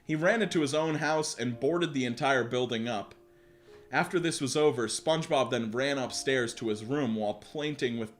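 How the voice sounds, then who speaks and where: Lively young man reading and joking. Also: mid-range voice. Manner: laughing, mocking, swearing, talks to chat. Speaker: live streamer reading stories aloud. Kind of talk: casual reading with joking asides.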